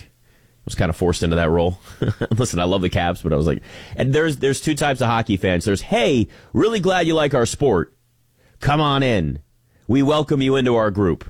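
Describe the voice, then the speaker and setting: An American man hosting a sports talk show, ranting in an animated, sarcastic monologue. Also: mid-range voice, no room sound. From United States.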